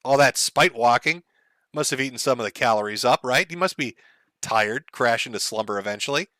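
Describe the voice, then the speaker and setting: A man's voice: medium pitch, brisk, bright, forceful tone, dry recording, studio quality. A man hosting an online commentary stream, sarcastic and mocking, often laughing. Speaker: commentary host.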